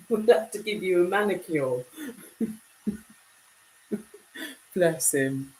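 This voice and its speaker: Deep-voiced British woman chatting live. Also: animated, slow pace, a little mellow, poor audio. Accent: British English. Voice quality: deep voice mistaken for a man's on the phone. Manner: chatty, reads comments aloud. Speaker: live streamer. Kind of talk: casual live stream chat.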